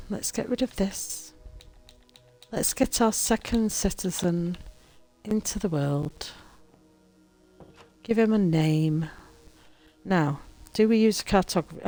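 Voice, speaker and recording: A woman's voice: fairly low pitch, dark tone. A woman chatting casually to her viewers as she plays a building game and talks to the characters. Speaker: gaming streamer. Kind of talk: casual gameplay commentary.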